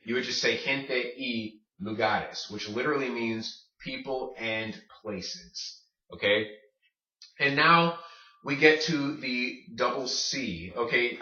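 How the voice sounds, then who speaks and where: A man teaching a casual language lesson, patient, repeating words slowly and checking in with "okay?". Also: medium pitch, bright, forceful tone. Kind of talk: casual classroom-style lesson. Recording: roomy, distant, dull lo-fi sound.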